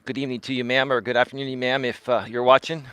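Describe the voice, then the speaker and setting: A man's voice: medium pitch, level tone, racing, a bit bright, clear, resonant tone. A man hosting a casual live-stream monologue while walking, speaking with emphasis, repeating words and tagging lines with "right?". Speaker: life coach and live-stream host.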